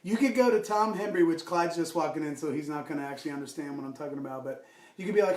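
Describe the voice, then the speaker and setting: A man's voice: a little high, quick pace, darkish tone. A man co-hosting a casual live-stream podcast chat, rambling with lots of "like" and turning topics into comic rants. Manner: rambling, full of "like" and restarts, runs bits into comic rants. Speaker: podcast co-host. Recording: roomy, distant mic.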